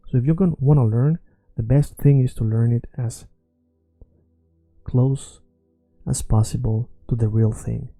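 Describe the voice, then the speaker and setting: A man's voice: medium pitch, measured pace, dark tone, dry recording, soft background music, rough recording. A man teaching an online language lesson, talking casually and often checking in with "okay?" and "right?".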